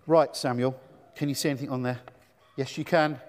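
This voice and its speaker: A man leading an animated children's talk in church, enthusiastic and full of questions for the children. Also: medium pitch, a little fast, big-room sound.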